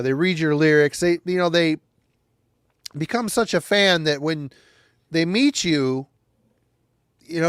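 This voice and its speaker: A man co-hosting a podcast in a thoughtful, halting way, full of small fillers. His voice is smooth and sits a bit high, and the sound is close and dry. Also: no room sound. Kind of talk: casual chat.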